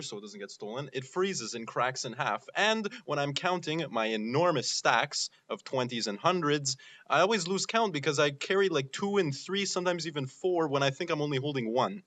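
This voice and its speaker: Deadpan male college radio joker, slightly high voice. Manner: deadpan joking.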